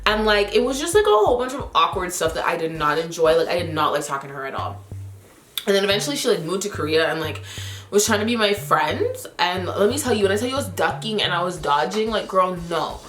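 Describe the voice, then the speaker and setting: A woman vlogger telling stories to her viewers in a chatty, animated way, full of filler words. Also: on the low side, fast, reverberant, faint music behind. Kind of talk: casual storytelling to camera.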